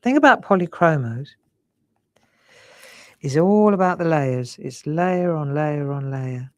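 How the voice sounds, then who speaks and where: She takes it slowly and expressively, her low voice captured in a dry recording. A craft demonstrator from England in her sixties with a slightly Cockney accent, she chats warmly while drawing live, favouring the words "look" and "lovely."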